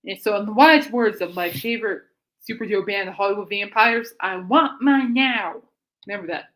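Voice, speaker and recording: A woman talks fast in a mid-range, fairly bright voice as she hosts a music chat show of her own. Her monologue is chatty and rambling, broken up by laughter, self-deprecating quips and frequent tangents.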